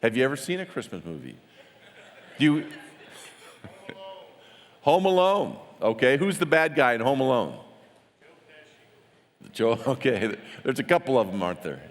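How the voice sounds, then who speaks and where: A man's voice: mid-range voice, big pitch swings, a little slow, pauses often. A man teaching a Bible study in a casual, chatty way, often restarting his words and asking the audience questions. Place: large hall with a gathered audience. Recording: long hall reverb.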